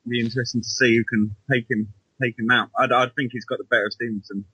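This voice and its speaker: Man, podcast co-host, casual chat, rambling, hesitant, bright, husky. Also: mid-range voice, flat delivery, fast, no room sound, low-quality recording. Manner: rambling, hesitant, restarts often.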